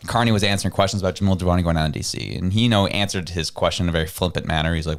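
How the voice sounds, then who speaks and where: A man's voice: deep voice, racing, few pauses. A man co-hosting a casual political talk show, talking animatedly, laughing often and reading viewer messages aloud. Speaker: co-host of a political talk stream.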